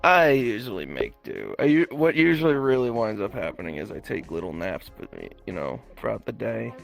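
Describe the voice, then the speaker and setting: A young man joking in casual voice chat role-play, hoarse and tired, with sardonic, crude banter. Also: on the low side, very animated, a little fast, soft background music.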